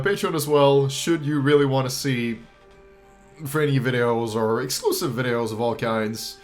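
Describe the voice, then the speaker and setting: Young man choked up saying goodbye. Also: medium pitch. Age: young adult. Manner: emotional, halting, restarts and pauses, swears casually. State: choked up, near tears. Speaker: YouTuber. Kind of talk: heartfelt farewell talk to viewers.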